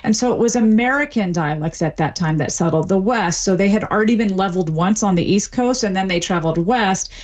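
A woman answering interview questions as an expert, explaining clearly and with examples. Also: mid-range voice, brisk, few pauses. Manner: articulate, lively, explains with examples. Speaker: dialect expert guest.

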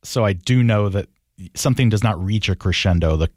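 A man's voice: on the low side, fairly quick, darkish tone, no echo, clean studio sound. A man co-hosting a casual talk show, reading out listener mail and chatting with an easy laugh. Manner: reads listener email aloud, laughs easily. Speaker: podcast co-host. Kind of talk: casual chat.

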